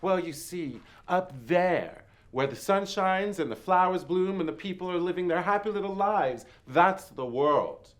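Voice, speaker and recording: A man's voice: high-pitched, animated, unhurried, hardly any pauses. A man voicing a flamboyant, theatrical male djinn spirit with a grandiose, teasing delivery. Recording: roomy echo.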